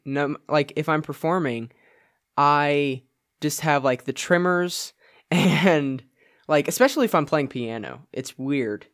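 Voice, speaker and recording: A young man with a slightly higher-than-usual voice, co-hosting a casual podcast. He rambles with plenty of "like"s and often breaks into laughter. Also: takes it slowly, fairly bright tone. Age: young adult. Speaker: podcast co-host. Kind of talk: casual chat.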